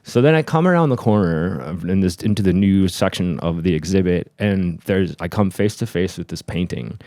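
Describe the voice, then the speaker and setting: Young man, low voice, lively swinging pitch, rambling, casual podcast chat. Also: normal speed, dry recording, clean studio sound. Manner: rambling storyteller, many likes and restarts, laughs at himself. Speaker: podcast host.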